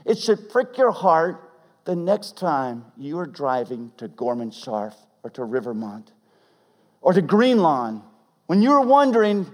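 A male pastor preaching a sermon in a casual, animated way, acting out quotes as he goes. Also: a little high. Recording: long hall reverb.

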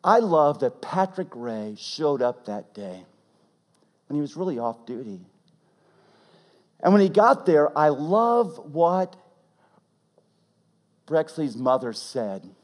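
A man preaching a sermon as pastor, swinging from loud emphatic peaks to hushed, almost whispered lines. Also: a little high, very animated, slow, long pauses. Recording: long reverb of a large hall.

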